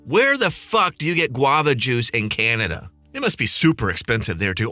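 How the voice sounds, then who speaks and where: A man's voice: medium pitch, very animated, normal speed, hardly any pauses, sharp tone, no room sound, faint music behind. A man hosting a podcast, ranting in a snarky, profane, sarcastic way. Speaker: podcast host and flight attendant. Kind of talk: comedic rant.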